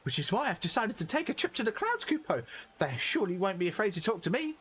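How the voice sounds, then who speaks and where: A man doing a squeaky jolly moogle. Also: very animated, fast, a bit bright, slight background noise. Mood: chirpy. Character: cheerful little male moogle, eager and jolly. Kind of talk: reading game dialogue aloud.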